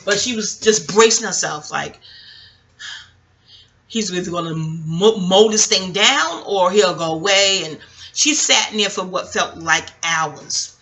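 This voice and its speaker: A woman's voice: on the low side, measured pace, bright, forceful tone. A woman vlogger telling a rambling, profane story straight to her viewers in a casual way.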